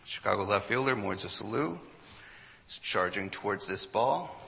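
Bright-voiced man telling a story in a hall. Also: lowish voice, unhurried, creaky. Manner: animated storyteller, acts out quotes. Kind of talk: storytelling talk to an audience.

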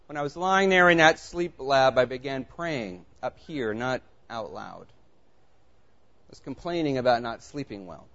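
A man preaching a sermon, telling a personal story in an animated, conversational way before turning to scripture. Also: mid-range voice, measured pace. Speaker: pastor. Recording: muffled lo-fi recording.

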